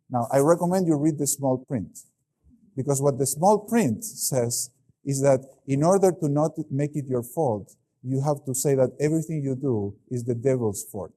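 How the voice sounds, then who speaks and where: Man giving a mellow-toned keynote. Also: mid-range voice, moderate pace, slight background noise. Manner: animated, acts out quoted voices. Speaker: keynote speaker. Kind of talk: keynote lecture.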